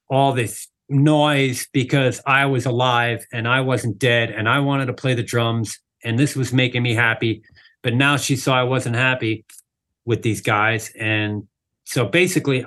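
A man, a drummer, guest on an interview, telling a casual story with lots of "like" and "you know" fillers. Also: mid-range voice. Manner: animated, acts out quoted people in the story.

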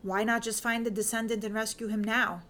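An earnest gentleman investigator from a period audiobook tale, questioning in a flustered, earnest way. A woman reads him out in her own voice, barely changed. He sounds like a man who keeps asking for the plain facts. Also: on the high side, little pitch movement, a little fast, natural voice. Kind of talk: fan fiction audiobook reading.

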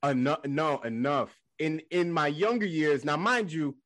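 A man's voice: on the high side, a little slow, a bit bright, no echo. A man co-hosting a podcast, telling laid-back, slangy stories in casual chat. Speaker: podcast co-host.

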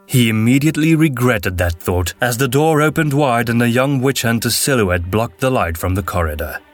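A man narrating a fantasy audiobook in a steady, measured way. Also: medium pitch. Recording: narration with faint background music.

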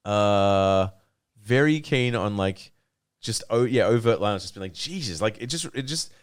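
A man's voice: fairly low pitch, expressive, normal speed, clear, resonant tone. A man co-hosting a podcast in casual chat, rambling, swearing a lot and laughing often. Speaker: podcast co-host.

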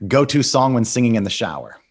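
Upbeat host with a lively voice. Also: male voice, medium pitch, fast, a little hiss or hum. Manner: upbeat, laughs easily. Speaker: interview host. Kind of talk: casual interview, quickfire questions.

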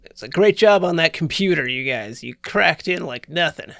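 A woman's voice: sits low, lively intonation, moderate pace, gravelly, a bit bright, no room sound, studio quality. A woman playing a tabletop game, easygoing and giggly. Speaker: player. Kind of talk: casual tabletop play chat.

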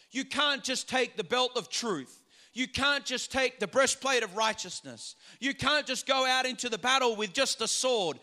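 A pastor preaching a sermon to his church, with a very high voice for a man. His tone is bright and forceful, and he hammers home repeated phrases while leading the congregation in call-and-response.

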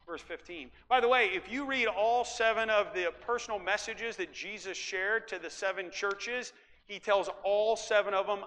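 A middle-aged man from Iowa preaching a sermon as pastor, emphatic and folksy, rising at times to shouts. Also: sits high, expressive, normal speed. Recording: long hall reverb.

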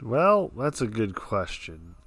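A man's voice: on the low side, big pitch swings, slow pace, fairly bright tone, husky, no room sound. Jokey guy on a podcast quiz, voice jumps around a lot, dry close mic. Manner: jokey, playful answers. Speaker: quiz contestant and co-host. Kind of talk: casual podcast banter.

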